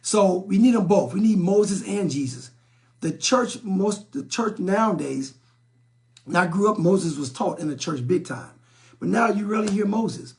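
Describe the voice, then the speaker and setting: Blunt, gravelly-voiced man on a live stream. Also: high voice, lively intonation, normal speed, a little mellow. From South Side of Chicago, USA. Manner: blunt, preachy, repeats himself and stumbles over words. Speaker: relationship talk show host. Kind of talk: live-stream talk, reading and answering viewer comments.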